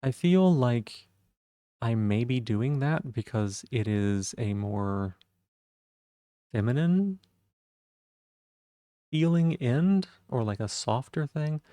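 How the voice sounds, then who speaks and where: A man with vocal fry, musing thoughtfully in casual live-stream chat. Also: lowish voice, expressive, slow, warm tone, no room sound. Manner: thoughtful, musing, self-reflective.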